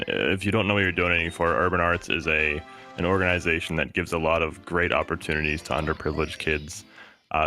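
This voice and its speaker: A man's voice: a bass voice, bright, forceful tone. A man commentating a live speedrun stream from a booth, easygoing and supportive in banter.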